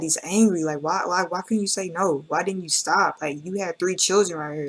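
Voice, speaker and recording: A woman's voice: lowish voice, moderate pace, hardly any pauses, husky. Emotional woman reacting to a song. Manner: emotional, reflective, addresses viewers directly with slang. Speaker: reaction video host. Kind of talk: casual reaction commentary.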